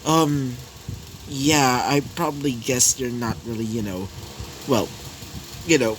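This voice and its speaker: A man's voice: mid-range voice, steady tone, takes it slowly, a little hiss or hum, voice pushed down, close to an everyday voice, low-quality recording. A man voicing a shy, stammering young woman in a fan-made story reading.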